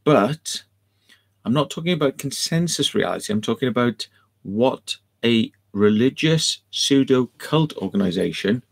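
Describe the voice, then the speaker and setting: A man's voice: mid-range voice, expressive, measured pace, vocal fry. A man rambling sardonically to camera, swearing freely as he goes. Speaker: video host. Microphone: camera mic.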